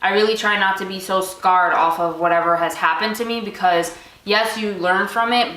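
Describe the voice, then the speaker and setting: Bright-voiced woman vlogger in an echoey room. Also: medium pitch. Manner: relaxed, frank, talks in loose asides. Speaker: vlog host. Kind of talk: casual chat.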